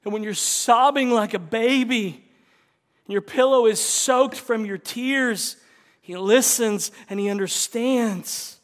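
A man preaching a sermon to a congregation in a church. He swings from hushed, near-whispered lines to loud emphatic bursts, using repetitive rhetorical cadences and direct questions to the listeners. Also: very high-pitched, takes it slowly. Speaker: pastor. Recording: long reverb of a large hall.

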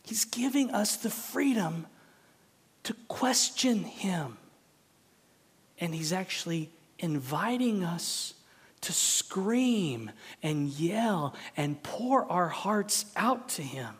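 A male pastor preaching an impassioned sermon in a church. He swings between shouted pleas and hushed, quiet lines. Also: high-pitched, expressive, slow, slightly rough. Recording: long hall reverb.

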